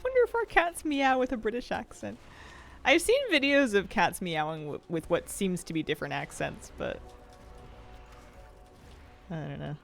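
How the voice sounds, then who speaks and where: Over faint game music, a streamer plays and chats casually, reading out viewer questions and laughing frequently. Their mid-range voice is creaky with a fairly bright tone.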